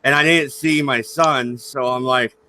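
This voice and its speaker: A man's voice: mid-range voice, steady tone, unhurried, sharp tone, slight background noise. A man hosting a casual stream, joking and laughing often while he chats with his co-hosts. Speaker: stream host. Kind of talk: casual banter chat.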